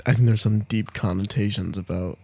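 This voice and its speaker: Young guy with a gravelly, dark voice, hesitant podcast chat, trails off a lot. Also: fairly low pitch, fairly even intonation, a little fast, no echo. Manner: hesitant, trails off, lots of fillers. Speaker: podcast co-host. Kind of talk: casual chat.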